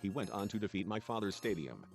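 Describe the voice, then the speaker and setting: A man's voice: fairly low pitch, animated, fast, music in the background. A man reading game dialogue and narration aloud in a let's play.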